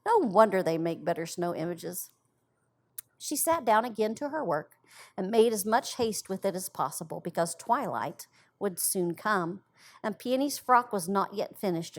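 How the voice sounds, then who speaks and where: A woman who works as a library storyteller, reading a story aloud to adults in an expressive, gentle storybook voice. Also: medium pitch, normal speed.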